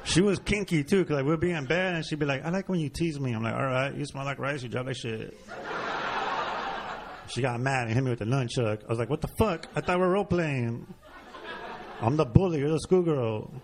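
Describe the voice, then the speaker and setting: A man's voice: medium pitch, a little fast, a little hiss or hum. A Mexican-American man doing a brash, profane stand-up comedy set on a club stage before a live audience. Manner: profane, brash punchline delivery.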